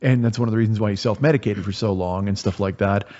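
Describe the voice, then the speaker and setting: A man's voice: on the low side, fast, a little mellow. Blunt man in casual podcast talk. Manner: blunt, casual, swears freely. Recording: dull lo-fi podcast audio.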